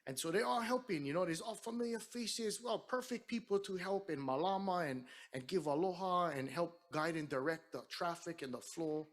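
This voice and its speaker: A middle-aged man from Hawaii with a Hawaiian Pidgin-tinged accent, an entertainer telling an animated story to an audience between songs. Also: sits high, moderate pace, hardly any pauses. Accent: Hawaiian Pidgin-tinged English. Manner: chatty, animated storyteller who acts out quotes. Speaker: singer and entertainer.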